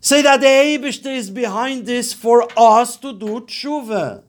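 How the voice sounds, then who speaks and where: High-voiced man teaching a Torah class. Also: unhurried. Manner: earnest, weaves Hebrew and Yiddish terms into English; rises to an urgent, emphatic tone when exhorting. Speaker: rabbi teaching Talmud.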